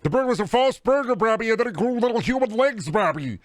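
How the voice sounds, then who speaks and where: A man playing a frantic character who yells about strange burgers and repeats one name over and over. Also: extremely high pitch, lively intonation, quick pace, dry recording, pitched above the performer's own voice. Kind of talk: improvised comedy bit.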